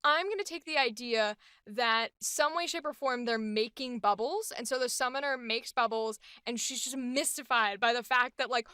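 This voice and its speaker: A woman's voice: a little high, moderate pace, hardly any pauses, bright, forceful tone, clean tone, no room sound, studio quality. A woman voice actor hosting a show, talking through her choices in a chatty, enthusiastic way as she demonstrates character voices. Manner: chatty and enthusiastic, thinking aloud. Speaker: voice actor and host. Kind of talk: voice acting demonstration.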